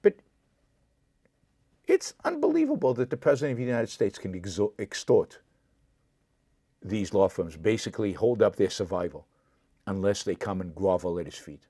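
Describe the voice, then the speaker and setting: A man hosts his own commentary show with a lowish voice and a fiery, indignant delivery. He hammers points home by repeating them and talks straight back to viewers' comments. The sound is dry and close, with no room echo. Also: big pitch swings, normal speed, long pauses, dark tone. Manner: impassioned, indignant, repeats himself for emphasis; answers viewer comments directly. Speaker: show host. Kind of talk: solo political commentary.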